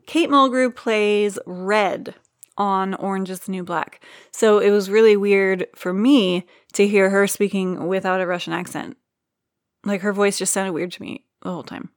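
A woman's voice: medium pitch, steady tone, a little slow, no echo. Woman podcast co-host, dry close sound. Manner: joking, self-deprecating, swears casually. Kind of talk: casual chat.

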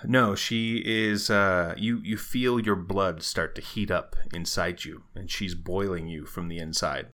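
A low-pitched man runs a tabletop game, narrating scenes and explaining rules in a relaxed manner full of "uh" and "um". His voice has a bright, forceful edge. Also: unhurried, hardly any pauses. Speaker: game master.

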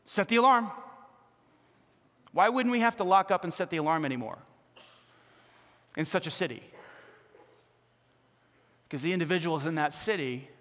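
A male pastor preaching a sermon with animated delivery, acting out the voices of people in the stories he tells. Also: fairly high pitch, moderate pace, long pauses, big-room sound. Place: church sanctuary.

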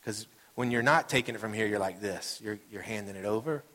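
A man's voice: fairly low pitch, brisk, bright, forceful tone. Man preaching casually in an echoing hall. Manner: casual and storytelling, acting out quoted voices. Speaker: pastor. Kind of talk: conversational sermon. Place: church sanctuary. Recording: reverberant hall sound.

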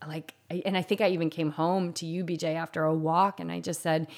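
A woman's voice: deep voice, flat delivery, fairly quick. A woman telling a painful personal story in an intense, confessional way, saying "like" often. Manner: intense, confessional, heavy use of "like".

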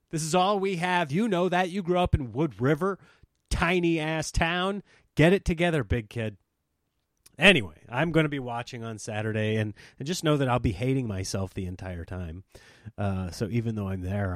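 A man's voice: fairly high pitch, no room sound, studio quality. A man hosting his own comedy podcast, talking casually and self-deprecatingly, swinging into mock voices as he rants. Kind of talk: casual solo podcast rant.

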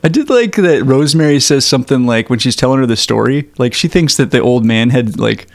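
A man chats through a horror movie plot on a podcast, his voice bouncing all over the place and breaking into squeaky put-on character voices. He swears and laughs a lot. The sound is dry and close to the mic. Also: a little fast, vocal fry, no room sound. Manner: animated, jumps into squeaky high voices acting out characters; swears freely and laughs often. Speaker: podcast co-host. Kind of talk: casual movie recap chat.

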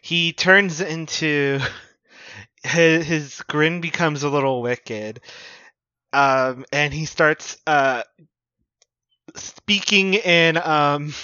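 A man's voice: a little high, drawn-out words, pauses often, bright, forceful tone, smooth, no room sound, highs cut off. A man playing in a tabletop game, describing his character's actions with hesitant fillers and frequent laughs. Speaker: player.

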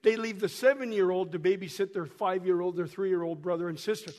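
High-voiced folksy missionary man with a cold. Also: brisk, a little mellow, long reverb tail. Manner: folksy, repeats and restarts words, speaks directly to the congregation. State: hoarse from a cold, coughing. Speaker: missionary guest speaker. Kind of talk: storytelling talk to a church while showing photos. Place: church hall.

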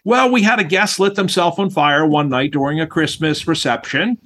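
A middle-aged man, a former chef and interview guest, telling stories in an animated way and acting out voices. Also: fairly high pitch, normal speed. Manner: animated storyteller, acts out voices. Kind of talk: storytelling interview chat.

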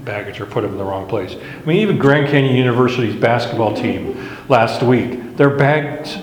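A man's voice: mid-range voice, lively intonation, normal speed. A man teaching a Bible lesson in a conversational, storytelling way, often laughing at his own anecdotes. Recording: echoey hall with faint background noise.

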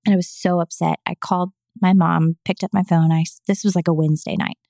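A woman's voice: on the low side, level tone, fast, creaky, dark tone, no echo, clean studio sound. A woman telling her personal story as a podcast guest, speaking earnestly and with emotion. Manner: acts out quoted voices. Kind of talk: personal testimony in an interview.

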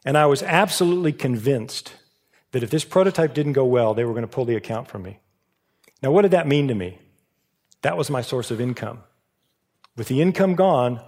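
Earnest pastor preaching in a reverberant hall. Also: male voice, mid-range voice. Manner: earnest, often dropping to a hushed, soft delivery. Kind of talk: storytelling sermon. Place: church sanctuary. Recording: long reverb of a large church hall.

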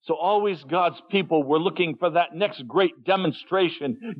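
A man preaching a sermon as pastor, earnest and gentle, lifting his voice when quoting others. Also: a little high, normal speed, hardly any pauses. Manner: gentle, earnest storytelling with sudden lifts for quoted voices. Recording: dull lo-fi sermon recording.

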